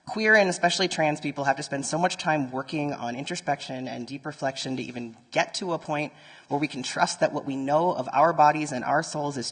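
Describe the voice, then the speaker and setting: A man's voice: mid-range voice, a bit bright. A man giving a conference talk to a live audience, speaking conversationally and turning to the room with nerdy asides. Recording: long reverb from a large conference hall.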